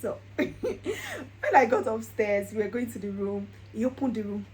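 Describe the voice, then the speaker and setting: A woman's voice: fairly high pitch, very animated, unhurried, a little mellow, a little hiss or hum, poor audio. A young woman, telling a personal story in a casual vlog and laughing often. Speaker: vlogger.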